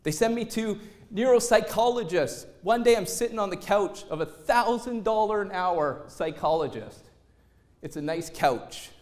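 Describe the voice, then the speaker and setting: High-voiced man telling a story on stage. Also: moderate pace. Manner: lively storyteller, acts out quotes in other voices. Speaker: motivational speaker.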